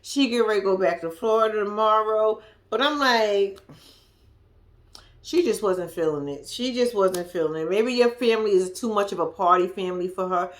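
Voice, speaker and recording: A woman giving a blunt, profane, animated recap of a reality TV episode, dropping to a hush at times. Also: medium pitch, normal speed. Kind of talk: casual commentary recap.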